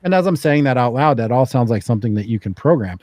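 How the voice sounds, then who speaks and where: A man talking as a podcast guest in a casual, animated way, thinking out loud with many fillers and restarts. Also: medium pitch, no echo. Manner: acts out quoted voices for emphasis. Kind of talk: casual conversational chat.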